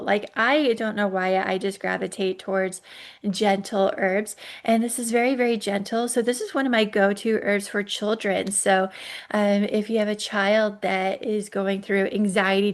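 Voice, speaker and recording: A woman hosting a casual herbal podcast, chatty and hedging, with frequent ums and self-corrections. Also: medium pitch. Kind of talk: casual solo podcast talk.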